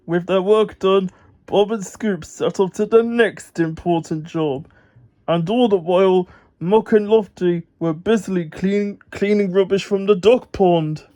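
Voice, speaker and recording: A man reading a children's storybook aloud in an unhurried way, stumbling over a word now and then. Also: high-pitched, mellow. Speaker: storybook reader.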